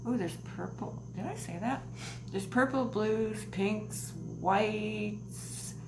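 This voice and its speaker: A woman's voice: medium pitch, takes it slowly, music in the background. A woman vlogger chatting through a crochet mail unboxing, gushing and giggly. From Canada. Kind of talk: casual unboxing vlog. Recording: echoey room with noise.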